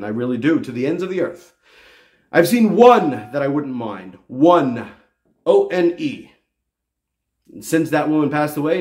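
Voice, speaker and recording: A man giving a casual video lecture as a religious teacher, talking in an animated, digressive and emphatic way. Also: a little high.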